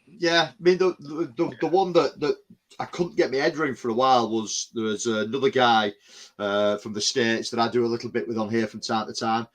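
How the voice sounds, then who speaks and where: A man's voice: mid-range voice, fairly even intonation, fairly quick. A man from England, chatting casually as a podcast host, rambling with lots of restarts. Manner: rambling, many restarts and "you know what I mean". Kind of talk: casual chat.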